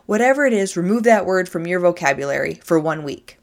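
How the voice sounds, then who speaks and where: A woman's voice: lowish voice, animated, fairly quick. A woman giving a motivational talk, speaking emphatically and addressing listeners directly.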